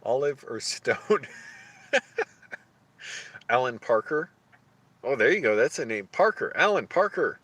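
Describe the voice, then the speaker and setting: A man streaming live, thinking aloud in casual chat, halting often as he searches for names. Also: medium pitch, sing-song, pushed and bright, breathy edge.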